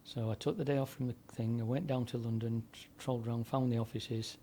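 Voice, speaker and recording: Speaking fairly quickly in a warm, medium-pitched voice with fairly even intonation, a retired DJ and broadcaster in his seventies tells drawn-out anecdotes. His delivery meanders conversationally, with frequent fillers and restarts, and there is slight background noise.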